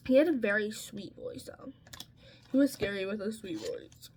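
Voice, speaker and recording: Slow-talking woman telling a storytime. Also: mid-range voice, big pitch swings, noisy background. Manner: chatty, peppered with "like" and "um". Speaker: vlogger. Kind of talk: casual storytime while getting ready.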